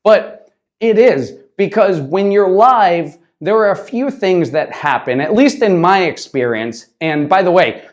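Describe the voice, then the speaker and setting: A man's voice: high-pitched, expressive, measured pace. A man teaching business English to camera in a casual style, often checking in with "right?" and dropping into brief Spanish asides. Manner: conversational, repeats "right?" often.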